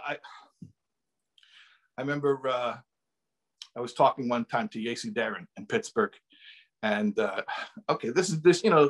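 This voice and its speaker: A man's voice: medium pitch, fairly bright tone, breathy edge. A man giving an impassioned sermon as a rabbi, often repeating phrases for emphasis and sprinkling in Hebrew and Yiddish terms.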